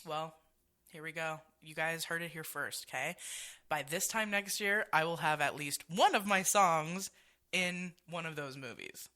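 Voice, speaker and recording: Bright, blunt low-voiced woman co-host. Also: measured pace. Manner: blunt, expressive, swears and laughs. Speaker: podcast co-host and songwriter. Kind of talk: casual chat.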